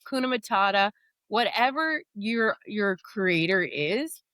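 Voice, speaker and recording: A woman's voice: medium pitch, lively intonation, unhurried, fairly bright tone, dry recording. A woman in her forties, a podcast guest, telling her story in a candid, rambling way. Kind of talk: casual interview talk.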